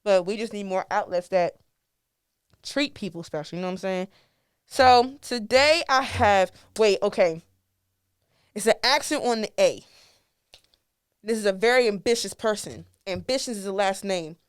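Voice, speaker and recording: A woman's voice: medium pitch, moderate pace, long pauses, clean tone, no room sound, clean studio sound. A young woman from the DMV area hosting a podcast in a casual, chatty way, laughing often. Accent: American, DMV area. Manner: chatty, laughs often, lively swings in loudness. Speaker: podcast host. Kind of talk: casual chat.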